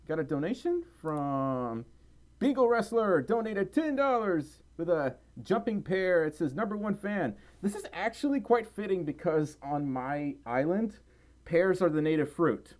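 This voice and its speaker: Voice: mid-range voice, darkish tone. A person hosting a casual home livestream, tired and a little out of breath, rambling and giggling while reading viewer messages aloud at a desk microphone. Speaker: livestream host reading chat and donations. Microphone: desk microphone close by.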